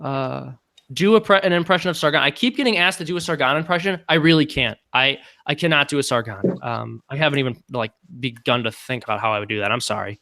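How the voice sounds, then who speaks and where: A man hosting a casual live-stream Q&A, chatty and halting, with many ums. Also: mid-range voice, vocal fry, sharp tone. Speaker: channel host.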